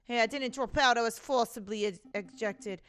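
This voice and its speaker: A woman's voice: fairly high pitch, normal speed, fairly bright tone, lightly acted. A woman voicing an upbeat young male sparrow who works as a defense lawyer, polite and earnest.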